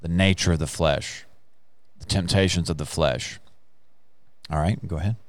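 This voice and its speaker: Very deep smooth-voiced man, preacherly. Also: fairly even intonation, moderate pace, dry recording. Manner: emphatic, exclaims hallelujah and praise the Lord. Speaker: podcast host. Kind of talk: casual faith podcast chat, preacher-like.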